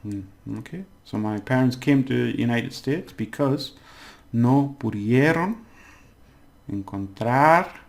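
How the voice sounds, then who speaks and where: Male tutor, casual and patient, slow delivery, gravelly tone, overpronounces example words. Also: medium pitch. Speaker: language teacher. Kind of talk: casual spoken language lesson.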